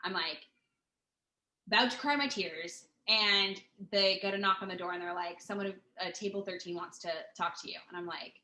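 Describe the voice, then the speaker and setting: A woman's voice: mid-range voice, moderate pace, bright, forceful tone. A woman telling a long story in casual chat, rambling and profane, with lots of fillers and restarts. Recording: roomy echo.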